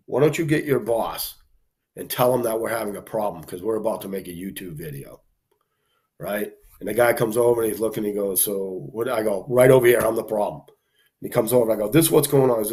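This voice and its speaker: A man with a lowish voice spins a casual story. He talks loosely, full of "you know" and "like", and jumps into the voices of the people he met. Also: quick pace. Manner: animated storyteller, acts out quoted people, frequent fillers. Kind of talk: casual anecdote telling.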